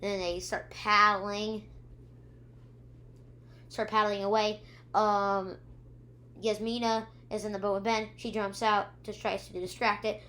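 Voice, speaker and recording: A woman's voice: medium pitch, little pitch movement, unhurried, long pauses, bright, forceful tone. A young woman recapping a show's episodes in a rambling, casual way, with many ums, acting out characters' lines and humming sound effects. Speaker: YouTube reviewer. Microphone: own camera.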